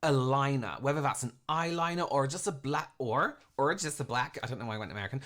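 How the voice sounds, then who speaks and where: A man's voice: mid-range voice, fast, few pauses, a bit bright. A man, a professional makeup artist, giving a frank, rambling critique in a reaction video.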